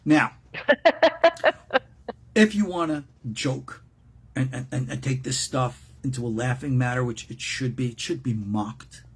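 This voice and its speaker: Older man, host, husky voice, animated, joking casual talk. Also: medium pitch, slow, long pauses. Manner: playful, jokey, repeats words when excited.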